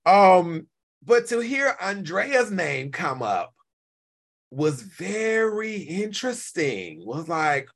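A man in his forties hosting a casual live-stream rant, animated and profane, repeating himself and now and then breaking into shouts. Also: sits high, slow. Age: 40s. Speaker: YouTube commentary host.

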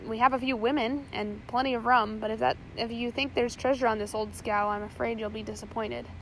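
Lady doing a calm first mate, cool and measured, kinda high voice. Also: a little hiss or hum, natural voice, poor audio. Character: calm, unafraid male ship's first mate.

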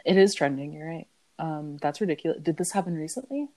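Low-voiced young woman, frank and exasperated. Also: animated, quick pace, warm tone. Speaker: podcast co-host. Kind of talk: casual podcast chat.

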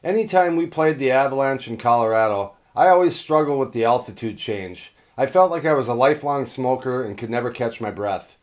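Middle-aged male narrator, steady reflective storytelling, mid pitch. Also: fairly quick, hardly any pauses. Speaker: former hockey player telling his story. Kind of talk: scripted personal narration.

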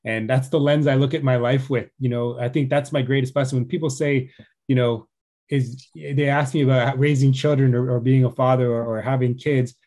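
Man, forties, mellow dark tone, earnest storyteller, hushed at tender moments, casual conversation. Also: medium pitch, fairly even intonation, moderate pace. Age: 40s. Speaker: guest author and father.

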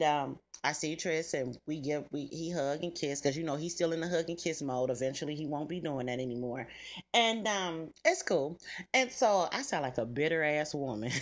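A middle-aged woman, telling stories to her listeners in a blunt, salty way with plenty of cussing. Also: low-pitched. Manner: blunt, salty, cusses freely, talks straight to listeners. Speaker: podcast host. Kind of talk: casual storytelling chat.

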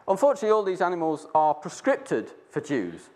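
Rambling male storyteller, slightly high voice, casual retelling with frequent restarts. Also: huge pitch swings, a little fast, a little mellow. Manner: rambling with many restarts, acting out voices in quotes. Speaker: speaker sharing a Bible reflection. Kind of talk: casual talk.

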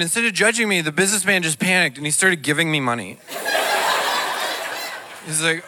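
A man doing a stand-up comedy set, telling self-deprecating stories in an animated way. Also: a little high, fairly quick, background noise.

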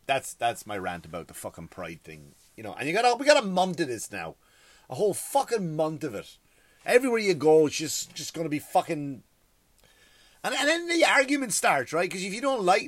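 A man's voice: a little high, fairly bright tone, dry recording. A man, a stand-up comedian, delivering a profane, exasperated comedy rant. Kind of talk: ranting comedy monologue.

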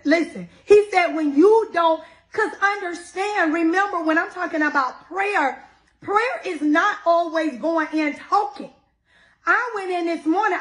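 A woman giving a casual, animated devotional sermon, talking straight to her listeners with many asides. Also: extremely high pitch. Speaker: preacher.

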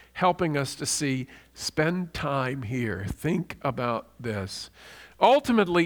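A man's voice: on the high side, a bit bright. Earnest man preaching a sermon. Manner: earnest, emphatic teaching with slow stressed repetitions.

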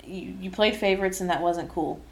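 A young adult woman hosting a casual podcast. She tells stories in a lively way and often laughs. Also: lowish voice, brisk. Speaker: podcast host.

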